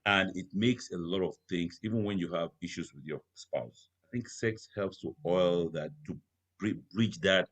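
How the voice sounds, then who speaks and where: A middle-aged married man with a deep, fairly bright voice speaks at a normal speed as a guest in a candid conversational chat. He's earnest and emphatic, repeatedly asking "you understand?" to check the listener is following.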